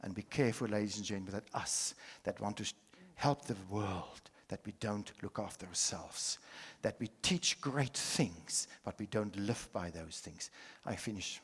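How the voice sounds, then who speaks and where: An older man from South Africa giving a dramatic conference talk, swinging from loud storytelling to hushed asides. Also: on the low side, a little slow, husky. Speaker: conference speaker. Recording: hall reverb.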